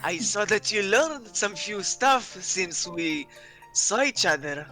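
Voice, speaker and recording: A man's voice: high voice, animated, slow pace, pushed and bright, soft background music. A chatty man talking in character as a player at a tabletop game, often stumbling over his words.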